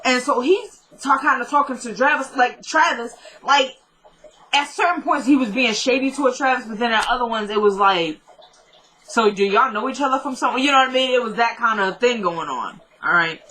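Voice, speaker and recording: A woman's voice: on the high side, brisk, bright, forceful tone, a little hiss or hum, rough recording. A woman vlogger chatting casually as she retells a TV episode, with asides and laughs aimed at her viewers. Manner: laughs often, talks straight to her audience. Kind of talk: casual chat.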